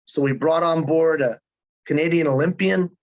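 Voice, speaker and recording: A man's voice: fairly high pitch, normal speed, lo-fi sound. A man in his fifties telling his story in a casual interview, earnest and emphatic. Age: 50s. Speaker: guest.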